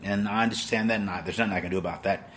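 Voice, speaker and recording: Forceful, emphatic preacher man in his 60s. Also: lowish voice, steady tone, very fast, slight background noise. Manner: emphatic, dramatic preaching with wordplay. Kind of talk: live-stream sermon.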